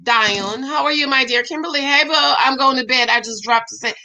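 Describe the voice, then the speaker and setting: A woman's voice: high voice, a little fast, sharp tone. A middle-aged woman hosting a casual live-stream chat, greeting viewers by name and talking back to their comments.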